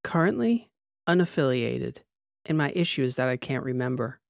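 Brief: man doing a sour woman soldier, curt and dry, lifted pitch with a gravelly edge. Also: expressive, moderate pace, dry recording. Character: tough young woman fighter, sour and blunt.

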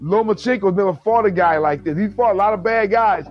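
A man in casual chat about fights, animated and profane, often acting out quotes. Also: sits high, brisk, muffled recording, faint music behind.

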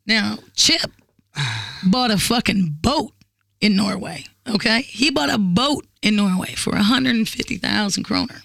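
A woman's voice: mid-range voice, animated, a little slow, vocal fry, a bit bright, dry recording. A woman telling a story in casual chat, blunt, sarcastic and profane. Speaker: podcast guest.

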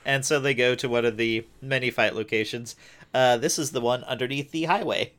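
A man co-hosts a recap show in easygoing chat. His pitch is middling and his delivery stays conversational. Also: brisk, a bit bright. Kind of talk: casual chat.

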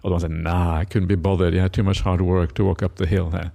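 A monk giving a Buddhist dharma talk, retelling a scripture story with many "uh" fillers and acted-out quotes. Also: male voice, deep voice, little pitch movement, quick pace, creaky, dark tone.

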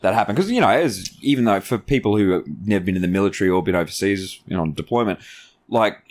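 A man's voice: on the low side, fast. An Australian man, an army veteran hosting a podcast, telling stories in casual, swearing chat. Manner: animated storyteller who swears casually.

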